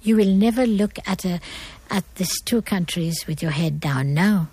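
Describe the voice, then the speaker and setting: A woman's voice: fairly low pitch, normal speed, darkish tone, breathy edge, no echo. Middle-aged woman, guest speaker, earnest lecturing tone, very dry voice. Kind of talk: motivational talk on manners.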